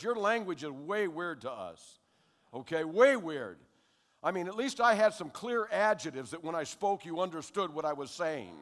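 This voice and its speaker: An older American man giving a lively spoken testimony to a congregation, checking in with his listeners as he tells his story. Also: sits high. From United States. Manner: animated storyteller who keeps checking in with the audience. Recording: long hall reverb.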